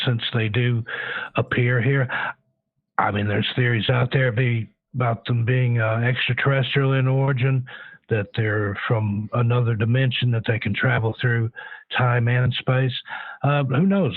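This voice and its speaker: A man's voice: medium pitch, no echo. A man from the Pacific Northwest calling in as a guest on a radio show, answering in a thoughtful, hesitant way with many fillers. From Pacific Northwest, United States. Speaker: guest, paranormal researcher. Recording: tinny phone line.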